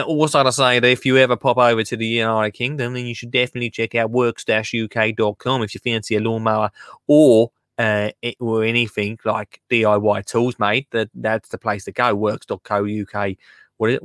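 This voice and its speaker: A man's voice: on the low side, fairly bright tone, clean tone, no room sound, clean studio sound. A man hosting a podcast, chatting casually and rambling with lots of slang. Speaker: podcast host. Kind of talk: casual chat.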